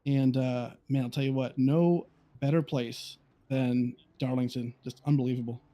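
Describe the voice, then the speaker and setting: A man's voice: mid-range voice, fairly even intonation, moderate pace, warm tone. A man giving color commentary on a sim racing broadcast, rambling with frequent restarts. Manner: rambling, with many restarts and fillers.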